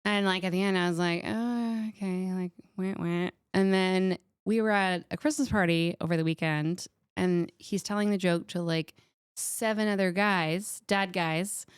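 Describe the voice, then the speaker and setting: A middle-aged woman chatting as a podcast guest, telling a joke in an animated way and acting out the quotes. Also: on the low side, normal speed, clean tone, dry recording, studio quality. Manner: animated storyteller, acts out quotes. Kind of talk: casual chat, telling a joke.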